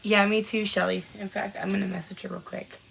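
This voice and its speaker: A woman's voice: medium pitch, level tone, brisk, creaky, a bit bright, a little hiss or hum, low-quality recording. A woman in her forties from Washington State, hosting a live-streamed podcast and chatting casually as she greets viewers by name and laughs often. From Washington State, USA. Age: 40s. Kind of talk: casual chat reading out live comments.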